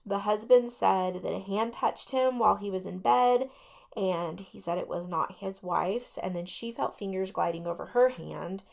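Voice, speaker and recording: A woman's voice: medium pitch, normal speed, creaky, a little mellow. A woman co-hosting a radio talk show, casually retelling ghost stories with lots of fillers and skeptical asides. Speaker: podcast co-host.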